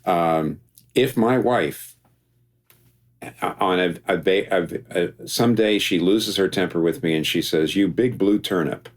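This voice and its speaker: Male pastor guest, deep voice, reflective and self-correcting, light humor. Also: takes it slowly. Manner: thinking aloud, many restarts, gentle humor. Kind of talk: reflective interview conversation.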